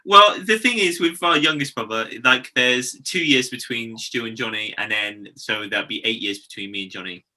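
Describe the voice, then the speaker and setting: A man in his late thirties chats casually with his brother and laughs often. His voice has a very bright, sharp edge at a middle pitch. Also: moderate pace, hardly any pauses. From Bristol, England. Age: 30s. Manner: chatty, laughs often, quotes conversations. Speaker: podcast co-host, hair educator. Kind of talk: casual chat.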